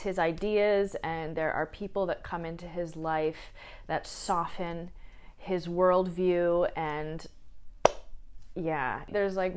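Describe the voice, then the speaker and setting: A young woman chatting casually as a book vlogger, emotional and quick to laugh and tear up. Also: on the low side, smooth. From small town, Midwest US. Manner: chatty, emotional, laughs and tears up while talking. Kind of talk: casual chat.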